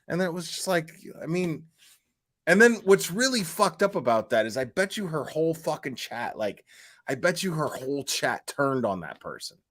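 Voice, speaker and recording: A man with a fairly high voice, talking off the cuff on a live stream. He rants with a lot of swearing and a mocking edge, stringing thoughts together with constant fillers. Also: big pitch swings, moderate pace, a bit bright. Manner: profane, mocking, lots of "like" and "you know". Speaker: livestream host. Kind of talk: casual live stream rant.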